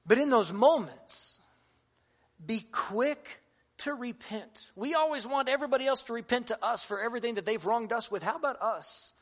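High-voiced male pastor preaching. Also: animated, normal speed. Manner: earnest, conversational preaching with humor. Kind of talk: sermon.

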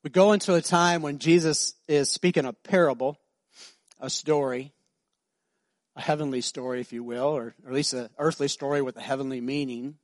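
A male pastor preaching a sermon, swinging between soft, slow passages and loud, emphatic high-pitched stretches. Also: fairly even intonation, no echo, studio quality.

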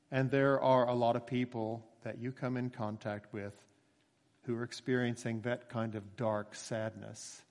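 A man preaching a sermon as a pastor, emphatic, with dramatic pauses and bursts of rising emphasis. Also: mid-range voice, big-room sound.

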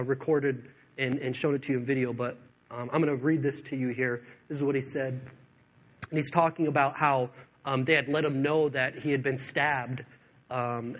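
A man preaching a sermon, telling stories with lots of ums and acting out the dialogue. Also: mid-range voice. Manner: animated storytelling with acted-out dialogue, many fillers. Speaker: pastor. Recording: dull lo-fi sound.

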